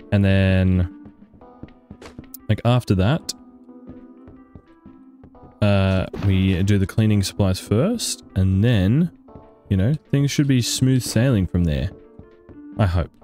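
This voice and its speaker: A young man giving sweary, frantic let's-play commentary, yelping high when panicked. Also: warm tone. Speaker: gaming YouTuber.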